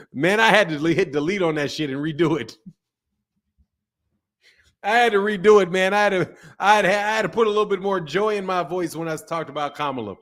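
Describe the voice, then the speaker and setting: A man's voice: high voice, brisk, long pauses. A man hosting a live stream in loose, casual chat, joking, laughing often and answering viewers' comments.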